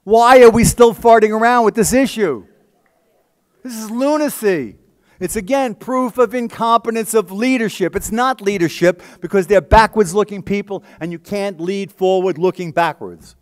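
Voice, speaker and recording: A man's voice: high-pitched, normal speed. A man giving an emphatic, conversational scientific talk at a conference, often checking in with the audience.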